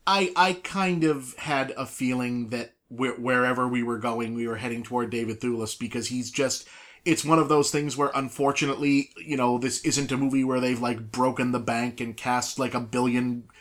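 A man with an ordinary mid-range voice weighs his points slowly in a casual film chat, padding his sentences with "like" and small restarts. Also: mid-range voice, fairly even intonation, fairly bright tone. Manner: measured, hedging with "like".

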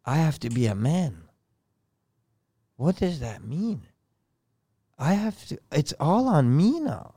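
High-voiced man telling an emotional story. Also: very animated, slow, pauses often, mellow, breathy edge, no echo, studio quality. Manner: rambling, swears often, voice swells and drops with feeling. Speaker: podcast guest.

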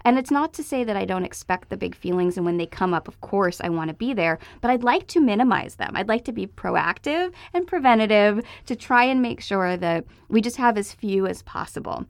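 A woman co-hosting a parenting podcast, croaky from a flu, chatting in a lively way with fillers and emphatic repeats. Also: medium pitch, brisk, few pauses, no echo. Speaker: podcast co-host. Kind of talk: casual podcast chat.

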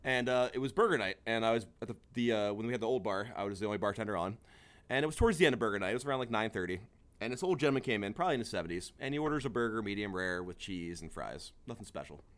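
A man rattles through bar stories at a fast clip, his pitch swinging widely as he acts out the people he quotes. He is a bartender talking casually on a podcast, swearing freely as he goes. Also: expressive, fairly bright tone. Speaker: bartender guest. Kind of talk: casual podcast chat, storytelling.

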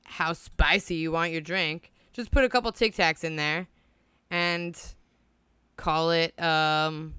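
A woman's voice: low-pitched, steady tone, slow, sharp tone, clear, resonant tone, no room sound, clean studio sound. A woman co-hosting a casual podcast, giggly and rambling, swearing now and then. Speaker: podcast co-host. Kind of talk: casual chat.

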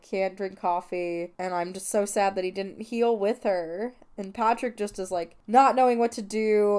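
A woman's voice: lowish voice, warm tone, smooth. A woman hosting a film podcast, retelling a movie scene by scene in an emotional, gushing, chatty way. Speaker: podcast host. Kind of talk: casual film recap.

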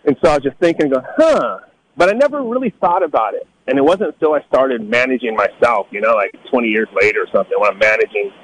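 A man's voice: fast talker, few pauses, slight background noise, rough recording. Middle-aged man telling stories, acting out voices. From Northern California. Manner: animated, acts out quoted voices in a higher pitch. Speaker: guest telling life stories. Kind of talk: casual storytelling.

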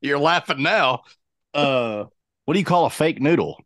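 A man's voice: on the high side, animated, moderate pace, heavy background noise. A man co-hosting a casual podcast, telling dad jokes and groaning at his friend's puns. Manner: groans at bad puns, playful. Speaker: podcast co-host.

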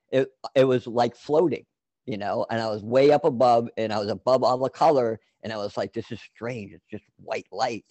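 A man's voice: mid-range voice, a little mellow, dry recording. A man telling a long personal story in casual chat, rambling with many fillers and restarts.

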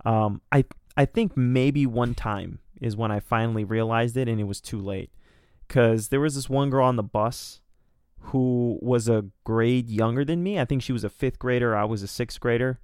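A man's voice: medium pitch, moderate pace, darkish tone, clear, resonant tone, no room sound, clean studio sound. A young man casually telling a rambling, profane, self-deprecating story as a podcast co-host.

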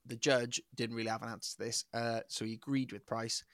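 A young man co-hosts a podcast, telling a story in a loose, swearing way and breaking into laughter often. His voice sits at a medium pitch. The sound is dry and close. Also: flat delivery, fairly quick, a bit bright, dry recording. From Wales. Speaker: podcast co-host. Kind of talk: casual chat.

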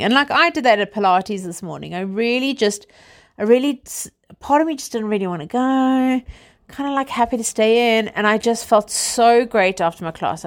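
Chatty South African woman in her thirties. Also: fairly high pitch. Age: 30s. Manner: chatty, rambling, many fillers like "you know" and "like". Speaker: vlogger. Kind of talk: casual chat to camera.

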